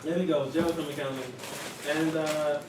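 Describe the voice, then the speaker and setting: A man's voice: on the high side, steady tone, moderate pace. A young man casually recapping a tabletop game session, rambling and joking with many fillers, picked up from a distant mic. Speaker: player. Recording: distant, echoey, noisy room.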